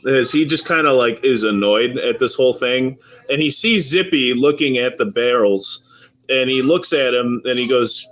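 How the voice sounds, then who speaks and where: A man's voice: medium pitch, normal speed, a bit bright. Man narrating a game, lo-fi sound. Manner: casual, profane narration. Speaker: game master.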